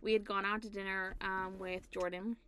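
A woman casually telling an anecdote to a friend, animated and laughing often. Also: medium pitch, moderate pace. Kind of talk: casual storytelling chat.

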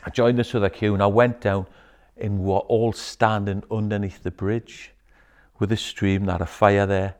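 Male storyteller, very low voice, casual, swears a lot, whispers the quotes. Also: level tone, moderate pace. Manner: swears freely, hushed whispers when quoting others. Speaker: guest telling a personal story.

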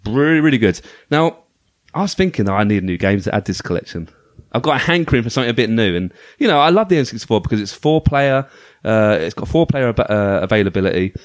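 A man talking casually and with enthusiasm about retro games. His pitch swings up and down a lot as he restarts his sentences. The sound is dry and close, with little room behind it. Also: lively intonation, fast talker, dry recording. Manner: enthusiastic, chatty, with frequent restarts. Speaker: podcast host.

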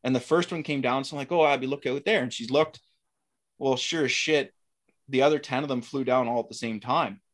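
A man's voice: mid-range voice, brisk. A middle-aged man casually telling a story, acting out the lines of the people in it. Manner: animated, acts out dialogue in quotes. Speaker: guest telling a hunting story.

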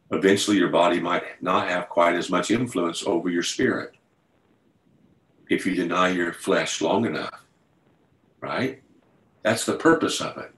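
A man with a lowish voice preaches a sermon over a video call. He talks in a loose, conversational way and then builds into fervent storytelling. The room has a roomy echo around him. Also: fairly bright tone. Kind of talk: sermon to an online group.

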